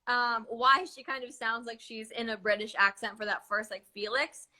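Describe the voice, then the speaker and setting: Young woman gushing about her show, highish bright voice, says like a lot. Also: steady tone, normal speed. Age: young adult. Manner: chatty, lots of "like" and "um", laughs often. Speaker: actress guest. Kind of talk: casual interview chat.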